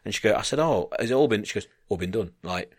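Bloke telling a sweary story, lowish voice, dry close mic. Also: male voice, quick pace, dry recording. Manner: animated anecdote-teller, swearing, mimicking others. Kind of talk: casual storytelling chat.

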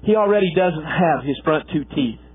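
A man preaching a sermon, telling a folksy coaching story with lively, acted-out quotes. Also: fairly high pitch, moderate pace, breathy edge, narrow, tinny audio. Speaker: pastor and former football coach.

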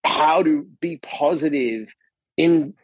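Man, husky voice, higher pitch, animated storyteller, dry close sound. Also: takes it slowly, no room sound, lo-fi sound. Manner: animated, acts out quotes, frequent "right?" tags. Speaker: podcast guest, author and coach. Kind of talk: casual storytelling conversation.

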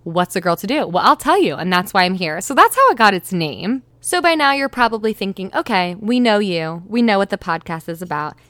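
A woman's voice: medium pitch, very animated, fairly quick, few pauses, a bit bright, no echo. Giggly young woman hosting a podcast. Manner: chatty and giggly, with bursts of laughter and playful asides. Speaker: podcast host. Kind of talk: casual storytelling monologue.

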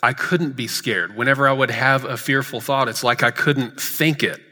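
A man retelling the words of a tearful six-year-old girl in his own voice, soft and earnest, in a reverberant hall. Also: mid-range voice, moderate pace. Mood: awed, earnest.

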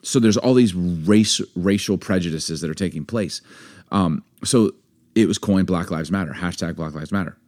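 A podcast co-host in his forties speaks in a deep, darkish voice at normal speed. The conversation is candid, and he grows impassioned and emphatic, building up to anger as he argues his point.

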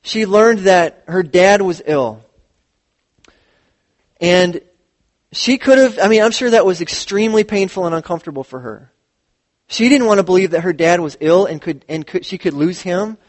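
A man, a pastor, preaching a sermon in a church, with animated storytelling and acted-out quotes. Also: sits high, normal speed.

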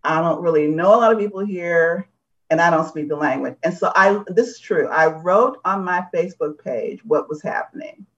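A woman's voice: lowish voice, moderate pace, dull audio. A middle-aged woman in a group discussion, candidly telling a personal story and acting out the voices of the people in it. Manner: candid, animated, acts out voices in her stories. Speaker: discussion participant.

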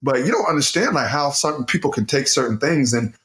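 A middle-aged man hosting a casual conversation, animated and quick to laugh. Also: mid-range voice.

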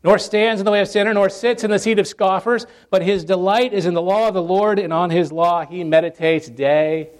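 A man's voice: sits high, steady tone, fairly quick, few pauses. A man preaching a sermon to his congregation in an earnest, emphatic way, stacking phrases in lists and repeating them for weight. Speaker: pastor.

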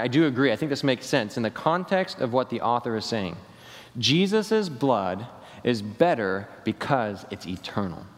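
A man preaching a Sunday sermon as pastor, slowing down and dropping his voice at the ends of key phrases. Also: medium pitch. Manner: preaching with falling endings and slowed emphatic phrases. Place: church sanctuary. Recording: long reverb of a church hall.

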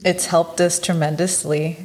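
Tired woman in her thirties, chatty podcast co-host with a lowish voice. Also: a little slow. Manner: animated when telling a story, laughs, fillers. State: tired, late at night. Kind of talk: casual chat, storytelling.

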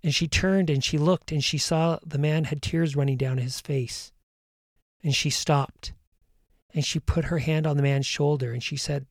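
Earnest man, slightly high voice. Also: fairly even intonation, moderate pace, no echo, clean studio sound. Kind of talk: storytelling and guided meditation.

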